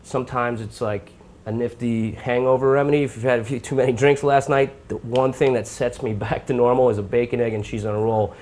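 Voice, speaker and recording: A young man from New York talks his viewers through a recipe in a relaxed, chatty way. His voice sits in a middle pitch. He narrates each step as he cooks live. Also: a little fast. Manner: chatty, informal, talks while cooking. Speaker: cooking show host. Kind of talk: live cooking demonstration. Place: home kitchen.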